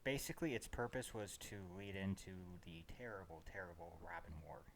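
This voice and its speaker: A man's voice: sits low, lively intonation, fairly quick, a little hiss or hum. A man co-hosting a casual podcast chat about comics, easygoing and a bit hesitant, often restarting his sentences. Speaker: podcast co-host.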